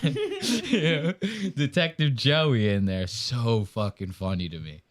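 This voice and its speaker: A man's voice: mid-range voice, slow. A man, a podcast host, chatting casually and retelling scenes with acted-out quotes. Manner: animated storytelling with acted-out quotes and laughs. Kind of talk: casual chat reacting to clips.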